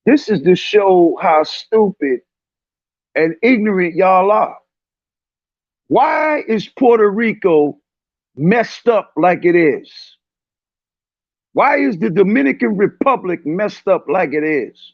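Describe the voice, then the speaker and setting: Heated man in his fifties, gravelly, high voice, dry close sound, lo-fi stream. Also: sing-song, takes it slowly, long pauses, no room sound. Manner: preachy, confrontational, shouting at times. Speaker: panel speaker. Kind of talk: heated online discussion. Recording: dull lo-fi stream audio.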